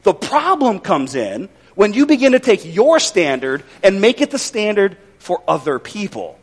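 A man's voice: sits high, sing-song, moderate pace, slightly rough. A male pastor preaching a sermon in a conversational, folksy way with wry humor.

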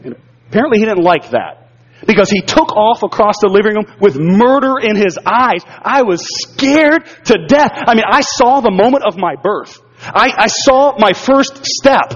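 Male pastor, higher register, earnest testimony-style preaching, dull lo-fi recording. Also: animated, normal speed, big-room sound. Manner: earnest storytelling, repeats words when stirred. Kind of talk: sermon with personal testimony. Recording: dull lo-fi sound.

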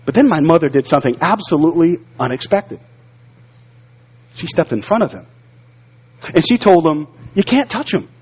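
A man's voice: fairly high pitch, animated, moderate pace, long pauses, a little mellow, slightly rough, long reverb tail. A man preaching a sermon, telling his own life story earnestly and often repeating words as he gets stirred up. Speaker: pastor. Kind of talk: sermon with personal testimony. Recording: dull lo-fi sound.

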